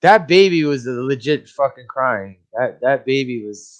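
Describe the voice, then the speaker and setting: A man co-hosting a relaxed movie podcast, with a middle-pitched voice. He talks bluntly and swears freely, getting animated as he rants about what he watched. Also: a little slow. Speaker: podcast co-host. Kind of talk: casual movie review chat.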